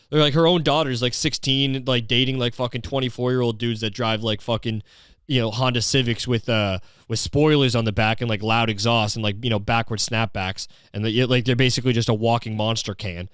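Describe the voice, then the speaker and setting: A man's voice: mid-range voice, fairly quick, a bit bright, clean tone, no room sound, studio quality. A young man hosting a podcast, ranting in a crude, sarcastic, mocking way and putting on voices for the people he quotes. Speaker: podcast host. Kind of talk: profane comedic podcast rant.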